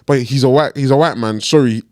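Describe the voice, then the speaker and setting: A young man, co-hosting a podcast and telling stories with expressive delivery. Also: mid-range voice, fairly quick, no echo, clean studio sound. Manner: expressive storyteller, acts out quotes. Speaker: podcast co-host. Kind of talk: casual chat.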